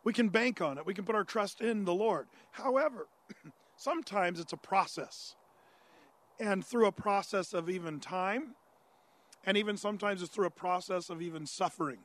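Guy with a pretty high voice preaching, chatty bible teaching, lots of uhs and restarts. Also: fairly bright tone. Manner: conversational, answers imagined listener questions; frequent "uh" fillers and restarts. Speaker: pastor. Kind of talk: expository Bible-teaching sermon.

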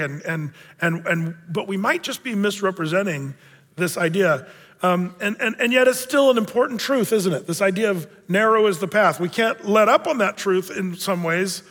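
A man's voice: high-pitched, fairly bright tone, in a large hall. A man preaching a sermon as a pastor, in a conversational way with joking asides.

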